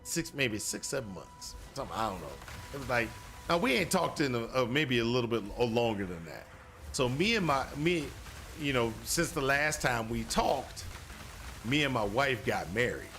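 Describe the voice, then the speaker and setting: A man's voice: mid-range voice, sing-song, normal speed, a bit bright, soft background music. A man casually telling a long personal story while playing a video game, rambling and repeating himself with lots of "you know". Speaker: gaming streamer.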